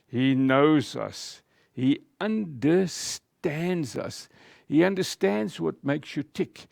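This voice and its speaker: A man preaching a sermon as pastor, speaking in a slow, emphatic way with deliberate pauses. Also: a little high, expressive, creaky, a little mellow, no echo, studio quality.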